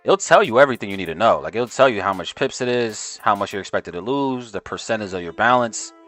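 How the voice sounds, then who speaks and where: A man's voice: fairly low pitch, lively intonation, fast talker, fairly bright tone. A man giving casual, slangy live trading stream commentary and talking to his chat. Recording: faint music behind voice.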